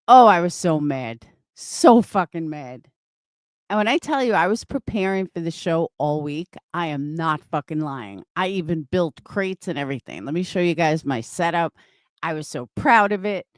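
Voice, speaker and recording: Chatty, swearing woman, lively pitch. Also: dry recording, clean studio sound. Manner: chatty, swears freely, answers viewers by name. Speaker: livestreamer and craft seller. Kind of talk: casual live-stream chat.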